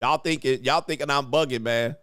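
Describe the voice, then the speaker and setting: A man's voice: medium pitch, a little fast, fairly bright tone, smooth, no room sound. A man hosting a reaction commentary show, talking in a blunt, crude and mocking way with lots of slang. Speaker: commentary host.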